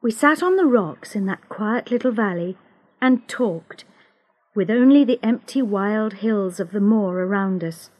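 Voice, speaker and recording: A woman reading a storybook aloud, slow and careful, giving each character a voice. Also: mid-range voice, expressive, darkish tone. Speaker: narrator. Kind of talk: scripted storybook narration.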